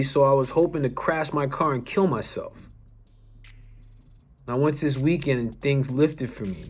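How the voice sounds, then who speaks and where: A young adult man, a wellness coach, telling a personal story to camera in an earnest, emphatic way, restarting sentences and swearing now and then. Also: medium pitch.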